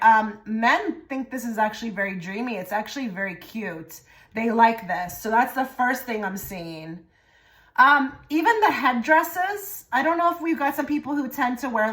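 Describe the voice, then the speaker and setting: A woman giving a pick-a-card tarot reading to her viewers, rambling and repeating herself, often trailing into soft murmured phrases. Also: fairly high pitch. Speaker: tarot reader.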